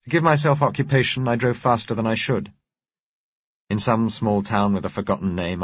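Male audiobook narrator, deep voice, husky, measured, dull lo-fi dry recording. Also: no room sound. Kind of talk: scripted first-person narration.

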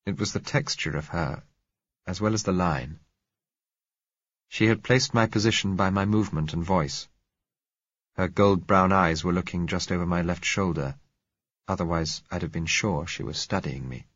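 Deep, husky male narrator. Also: fairly bright tone, no echo. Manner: measured, reflective first-person telling. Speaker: audiobook narrator. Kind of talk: scripted narration. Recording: dull lo-fi recording.

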